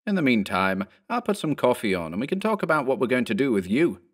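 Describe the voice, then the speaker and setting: Man playing a calm male clone, casually reassuring, uncanny, horror audiobook. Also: medium pitch, fast talker, voice pushed up. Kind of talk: audiobook character voice.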